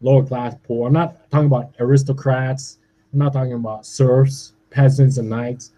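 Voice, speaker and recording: A man's voice: mid-range voice, fairly even intonation, moderate pace, mellow. A man in his forties from Canada, delivering a profane, agitated rant and ending his points with "all right?". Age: 40s. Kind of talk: ranting monologue.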